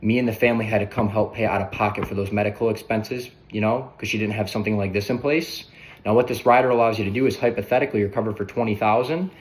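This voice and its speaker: Fast-talking male sales coach. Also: lowish voice, fairly even intonation. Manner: brisk, conversational, often tags on "right?". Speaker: sales trainer.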